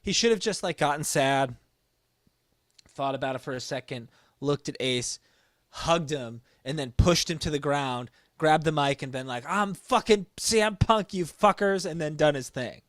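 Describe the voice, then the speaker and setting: A man's voice: mid-range voice, normal speed, dry recording, clean studio sound. A man co-hosting a wrestling podcast, giving laid-back opinions with casual swearing. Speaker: podcast co-host. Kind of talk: casual wrestling recap chat.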